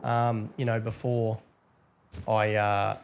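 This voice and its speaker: Gravelly man with a lazy drawl. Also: fairly low pitch, level tone, slow, a little hiss or hum. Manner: drawling, chatty, teasing, with many fillers. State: tired, yawning. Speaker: game server admin. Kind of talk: casual gameplay commentary.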